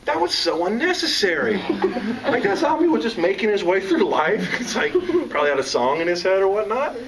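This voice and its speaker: A man's voice: sits high, a little fast, a loud crowd. Joking man far from the mic. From American South. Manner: joking, animated storyteller. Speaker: author and teacher. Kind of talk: author talk to a live audience. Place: room with a live audience. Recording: distant mic with audience around.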